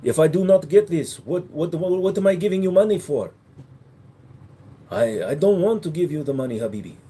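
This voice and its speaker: A man's voice: a little high, lively intonation, normal speed, dark tone, breathy edge. A man voicing a pushy male shopkeeper with a put-on Arab accent who haggles in indignant questions.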